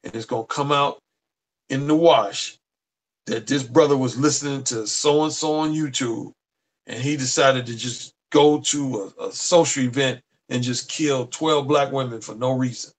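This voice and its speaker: A man speaking as a guest dating coach in casual conversation, earnest and emphatic, slowing down to stress his words. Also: medium pitch. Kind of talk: casual chat.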